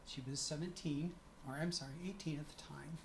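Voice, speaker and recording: A woman's voice: low-pitched, fairly even intonation, a little fast, creaky, a little hiss or hum. A middle-aged woman chatting to camera in a casual vlog, often stopping to correct herself. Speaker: vlogger.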